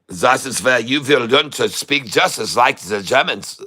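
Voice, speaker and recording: A man's voice: medium pitch, sharp tone, breathy edge, full character voice. A man doing a mock-German earnest talker.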